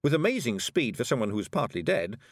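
A man reading a story aloud in a measured, expressive way as its narrator. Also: mid-range voice, no echo, studio quality. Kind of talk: audiobook narration.

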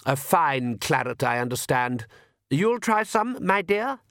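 A man voicing a pompous, cheerful vampire count who speaks slowly and genteelly, in an audiobook reading. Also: fairly high pitch, very animated, fairly bright tone, no room sound, studio quality, exaggerated voice. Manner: slow, genteel, self-satisfied.

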